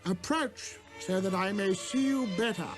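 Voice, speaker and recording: A man's voice: sits high, unhurried, music in the background, voice pushed up. A man voicing a pompous, blustering old king who stammers, splutters and chuckles as he gives commands. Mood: haughty. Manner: grand, commanding delivery.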